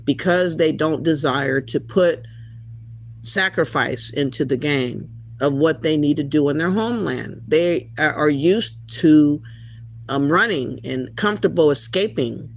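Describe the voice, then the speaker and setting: With a slightly high, gravelly voice, a man hosts a livestream of commentary, reacting to a clip and reading chat. He speaks unhurriedly but rants in an indignant tone.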